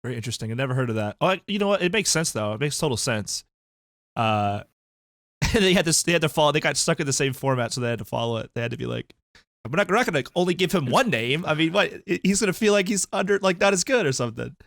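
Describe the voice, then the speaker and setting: A young man co-hosting a podcast, chatting casually and getting animated, his voice jumping up when excited. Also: fairly high pitch, fast, gravelly, no echo, studio quality. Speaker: podcast co-host. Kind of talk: casual chat.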